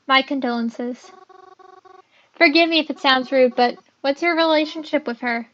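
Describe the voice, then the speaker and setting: Girl gamer, high voice, reading aloud gently on a dull lo-fi recording. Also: normal speed. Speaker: video game player. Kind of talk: reading a visual novel aloud.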